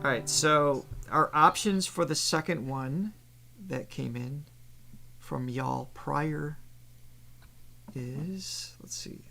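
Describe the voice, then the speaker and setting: A man's voice: fairly high pitch, slow, gravelly, long pauses, bright, forceful tone, faint music behind. A man co-hosting a live reaction stream as a vocal coach, casually reading out facts and poll options and laughing easily.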